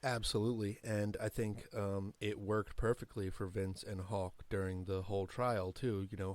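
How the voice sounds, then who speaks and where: A man's voice: fairly low pitch, a little mellow, no echo. A man co-hosting a wrestling podcast, talking in a hesitant way with many fillers. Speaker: podcast co-host. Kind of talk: casual podcast commentary.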